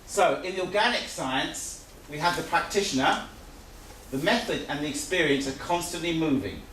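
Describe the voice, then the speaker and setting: A man's voice: fairly high pitch, animated, normal speed, a bit bright, far from the mic. A man teaches a live seminar, talking in a loose, conversational way and restating his points. He is recorded from across an echoey room. A faint hiss sits under his voice. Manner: repetitive, conversational, restarts phrases.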